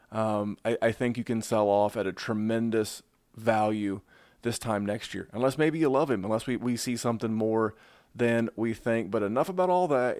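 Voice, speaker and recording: A man's voice: on the low side, clean tone, no echo. Dry-sounding man hosting a football podcast. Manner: conversational, animated analysis with frequent restarts. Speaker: podcast host. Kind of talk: casual fantasy football podcast chat.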